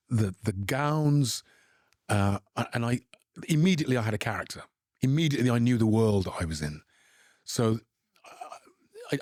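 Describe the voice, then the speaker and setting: A man's voice: medium pitch, darkish tone, no room sound, studio quality. A middle-aged British man from England, an actor answering interview questions in a reflective way with frequent restarts. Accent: British English. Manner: reflective, halting with repeated restarts. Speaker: actor guest.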